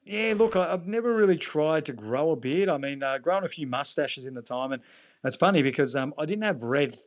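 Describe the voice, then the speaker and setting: A man's voice: fairly high pitch, lively intonation, brisk. An Australian man in his forties, a retired rugby league player, telling rambling anecdotes as a podcast guest, with lots of restarts. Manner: rambling anecdotes full of "you know" and restarts. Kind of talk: casual podcast chat, storytelling.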